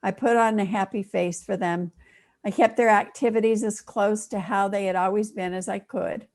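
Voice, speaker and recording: An older woman, a minister, delivering a sermon as an expressive storyteller who pauses for effect. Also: mid-range voice.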